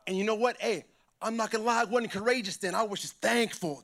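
A man giving an impassioned testimony at church, emphatic and repeating lines as he builds to shouts. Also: high-pitched, fast talker.

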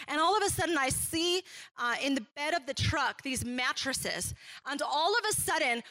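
Bright high-voiced woman preaching. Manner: animated storytelling, acting out quotes. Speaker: pastor. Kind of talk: sermon with personal story.

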